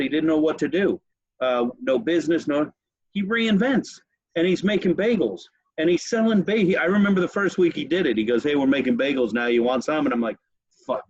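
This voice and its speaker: A male podcast host with a husky, breathy voice tells stories in casual, profane chat. The sound is dry and somewhat dull. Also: on the high side, no room sound. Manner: profane, animated storyteller.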